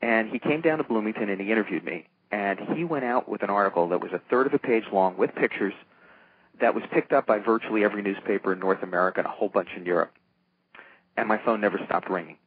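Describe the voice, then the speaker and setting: A man's voice: lowish voice, quick pace. An older man, a comic book producer, telling stories in a casual interview and acting out the voices of the people he quotes. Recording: tinny phone-line sound with faint noise.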